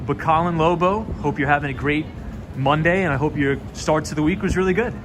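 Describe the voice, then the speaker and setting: A man's voice: on the high side, a little fast. A man hosting a casual live stream while walking outdoors on busy city streets, chatting and answering viewer comments into a handheld phone. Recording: city street noise behind. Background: city street traffic noise.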